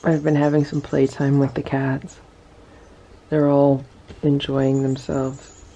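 A woman filming a casual vlog about her cats, chatting about their routines and coaxing them with a high voice. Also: completely flat delivery, slow pace, mellow, highs cut off. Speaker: cat vlogger. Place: indoor room with cats.

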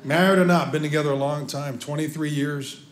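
A male stand-up comedian making quick, wry asides to the audience. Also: a little high, fairly even intonation. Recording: echoey live room, loud crowd.

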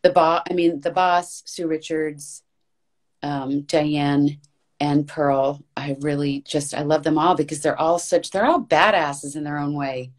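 A woman's voice: deep voice, steady tone, a little slow. A woman talking as an interview guest about her voice-acting work, chatty and earnest, in long flowing runs. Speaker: guest voice actress. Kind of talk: casual interview.

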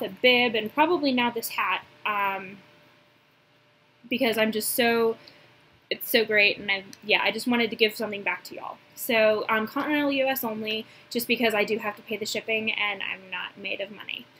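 A young woman with a lilt talks through a casual haul vlog in a bright, slightly high voice. She gushes and fills her pauses with "um". A faint hiss sits under the recording. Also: rough recording. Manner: chatty, gushing, many "um"s. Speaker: reborn doll collector showing a haul.

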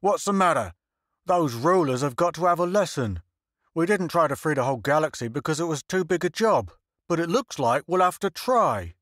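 A man voicing a gruff, blustering male mayor who growls and sputters, in an audiobook reading. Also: a little high, expressive, moderate pace, a bit bright, no room sound, studio quality, pitched above the performer's own voice. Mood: indignant.

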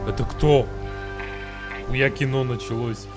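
A man's voice: mid-range voice, fairly even intonation, measured pace, over music. A man with a Russian accent, a native Russian speaker, playing a migrant in a game roleplay who pleads in broken English and talks aside to viewers.

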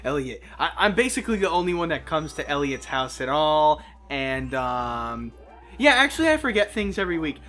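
A man's voice: a little high, very animated, bright, forceful tone. A man co-hosting a let's-play, teasing his friend and swearing freely in casual banter. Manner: teasing, swearing, quick to joke. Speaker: gaming channel co-host.

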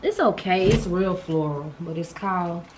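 Chatting casually to the camera as she goes about her day, a vlog host uses informal Southern-style slang. Her voice is lowish and she talks at a normal speed over some background noise.

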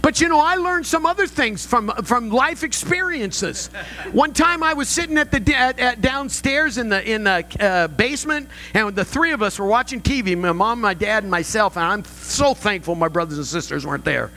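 An older man preaches in a church, his voice sitting notably high for a man. His tone is bright and forceful, and he tells stories with humor and builds to emphatic points. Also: lively intonation, normal speed, rough recording. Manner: storytelling with rising emphasis and humor. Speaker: pastor. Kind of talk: sermon. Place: church sanctuary.

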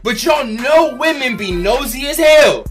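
Loud profane man mocking a cartoon. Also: very high voice, animated, unhurried, soft background music. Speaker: commentator. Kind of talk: comedic cartoon commentary.

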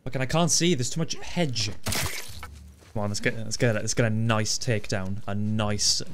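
Swearing, excitable gaming commentator man. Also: fairly low pitch, normal speed, faint music behind. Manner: frustrated, swearing, excitable outbursts. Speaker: gaming channel host. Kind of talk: let's play commentary.

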